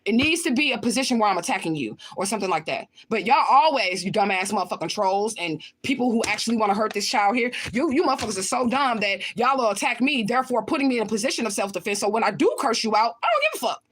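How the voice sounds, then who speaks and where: Fast-talking profane woman livestreamer. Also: a little high, slight background noise. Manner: heated, profane, talks straight to chat. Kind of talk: livestream rant to viewers.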